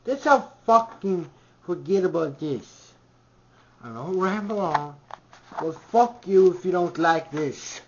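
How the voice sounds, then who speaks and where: A man ranting to camera in a comedic, heavily profane vlog, swinging from shouts to mutters. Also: sits high, expressive, slow pace, noisy background. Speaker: vlogger. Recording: dull lo-fi home recording.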